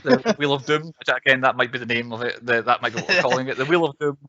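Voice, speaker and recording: A man's voice: medium pitch, fast talker, pushed and bright, dry recording. A man hosting a casual podcast chat, rambling with lots of fillers and self-corrections. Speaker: podcast host. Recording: dull, dry recording.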